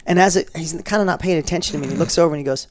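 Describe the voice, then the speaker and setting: A man telling stories as a guest in a casual interview, animated and prone to digressions. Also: on the high side, very fast, slight background noise.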